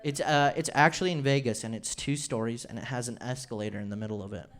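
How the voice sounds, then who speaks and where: A man's voice: mid-range voice, fairly even intonation, fast. A man in his twenties doing a rambling, self-deprecating stand-up routine on a comedy club stage. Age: 20s.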